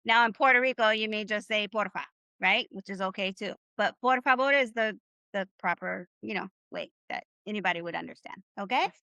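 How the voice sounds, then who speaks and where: A woman's voice: mid-range voice, fairly quick, vocal fry, bright, forceful tone, dry recording. A woman teaching Spanish in a live online class, upbeat and encouraging, leading the class in repeating phrases. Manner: upbeat, encouraging, leads call-and-response drills.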